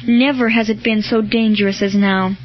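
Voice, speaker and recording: A woman's voice: mid-range voice, steady tone, normal speed, lightly acted. A woman reading the part of an anxious, worried noblewoman in a storybook. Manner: eager, worried. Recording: dull lo-fi with faint music.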